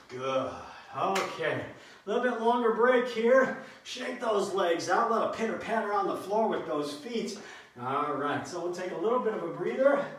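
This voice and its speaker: A man's voice: high voice, fairly bright tone. A man leading a workout class, counting out reps and cueing moves with joking asides. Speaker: fitness instructor. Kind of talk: live workout coaching. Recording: echoey room, mic at a distance, faint noise.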